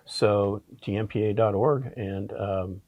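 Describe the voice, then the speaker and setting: A male podcast guest with a husky, somewhat low voice speaks sincerely and to the point. The recording is dry and close-miked. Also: fairly even intonation, takes it slowly, no room sound, narrow, tinny audio. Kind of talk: casual chat.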